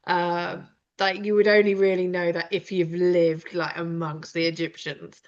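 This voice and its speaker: A woman's voice: medium pitch, steady tone, normal speed. A British woman hosting a live conversation, talking directly and rambling with many fillers. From Britain. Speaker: host. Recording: dull lo-fi sound.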